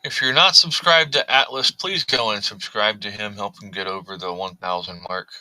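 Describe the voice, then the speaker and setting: Male livestream host, casual chat, low voice, bright tone, dry room. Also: normal speed, no room sound, poor audio. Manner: relaxed, chatty, talks to his cat. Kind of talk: casual livestream chat, reading viewer comments.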